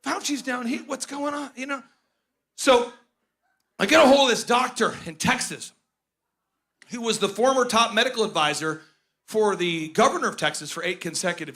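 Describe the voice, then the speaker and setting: A man hosting a conference, joking and rambling in animated comedic stage banter. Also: high-pitched. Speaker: conference host.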